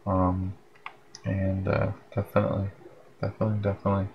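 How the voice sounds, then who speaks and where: A man's voice: low-pitched, completely flat delivery, brisk, highs cut off, a little hiss or hum. A man hosting a late-night live broadcast, chatting in a rambling, friendly way and sounding tired. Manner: rambling, friendly, reads out viewer comments. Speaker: livestream host. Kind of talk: casual live broadcast chat. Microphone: headphones with plug-in mic.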